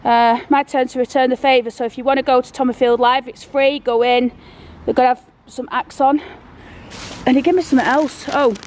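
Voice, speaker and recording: This woman vlogger has a high-pitched, slightly mellow voice with fairly even intonation and a brisk pace. She walks outdoors through town with her phone, rambling in a down-to-earth, out-of-breath way in a casual walk-and-talk vlog, with a little hiss or hum.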